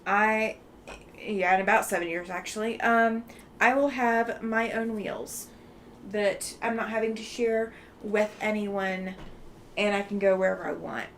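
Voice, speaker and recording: A woman's voice: medium pitch, steady tone, a little slow, slight background noise. A woman from Alabama hosts a casual livestream, reading chat aloud in a chatty, friendly way with many ums and easy laughs. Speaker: livestream host.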